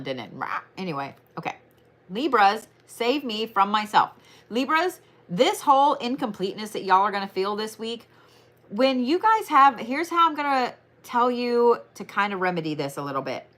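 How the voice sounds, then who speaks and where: A young woman reads tarot for the zodiac signs in a casual, rapid-fire way. Her voice is bright and forceful, with blunt, swear-laden delivery. She barely stops for breath between thoughts. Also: mid-range voice, expressive. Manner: fast-talking, blunt, swears freely. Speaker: tarot reader. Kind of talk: casual astrology tarot reading.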